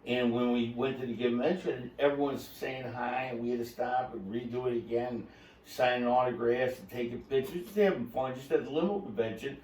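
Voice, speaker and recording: A man hosting a podcast, telling a story in a lively, laughing way and acting out quotes. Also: medium pitch, brisk. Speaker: podcast host. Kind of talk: casual storytelling chat. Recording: roomy, distant mic.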